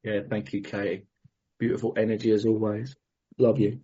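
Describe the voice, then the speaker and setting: A man from Brighton, sharing his recovery story in a heartfelt, rambling way and then leading a prayer. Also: on the low side, level tone, normal speed, husky, dull audio. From Brighton, England. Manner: heartfelt, rambling, self-interrupting. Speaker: recovery meeting speaker. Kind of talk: personal share and prayer.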